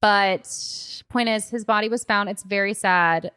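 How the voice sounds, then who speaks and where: A young adult woman hosting a podcast speaks at a measured pace in a medium-pitched voice with a sharp, clean tone. Her casual chat is rambling and packed with "like", recorded on a podcast microphone.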